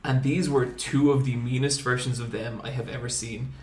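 A young man hosting a podcast, telling animated comic stories with plenty of swearing. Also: medium pitch, moderate pace, echoey room. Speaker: podcast host. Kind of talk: casual storytelling chat.

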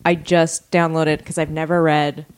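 A woman's voice: low-pitched, flat delivery, a little slow, slight background noise. A woman hosting a podcast in casual chat, playful and laughing often. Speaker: podcast host.

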